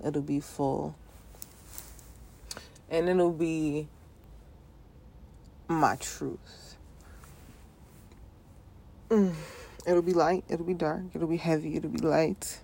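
A woman hosting her own solo podcast, talking to the listener in a relaxed, reflective way with playful asides and frequent laughter. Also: low-pitched, vocal fry, slight background noise. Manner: playful, laughs often, talks to listener directly; casual speech with repeated phrases. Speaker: podcast host.

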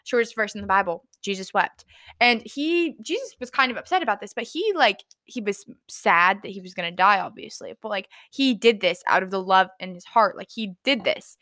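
Young woman, casual Bible study host, bright tone, chatty and stumbling. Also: mid-range voice. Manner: chatty, filler-heavy, stumbles over words. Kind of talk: casual Bible reading and reflection.

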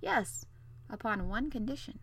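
A woman's voice: a little high, measured pace, vocal fry, slightly rough, no room sound, heavily acted, low-quality recording. A woman voicing a cool, courteous young prince. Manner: calm, polite, a little wistful.

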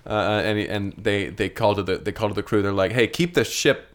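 Animated man improvising a comedy story. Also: lowish voice, fairly quick, clean tone. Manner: animated, jumps in and echoes others.

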